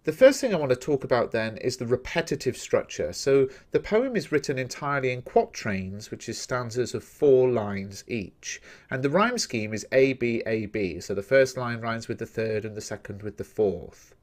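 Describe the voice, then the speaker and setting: A man teaching a recorded lesson on a poem, explaining each point in a measured, direct way to his viewers. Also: mid-range voice, lively intonation, a little mellow. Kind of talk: recorded poetry analysis lesson.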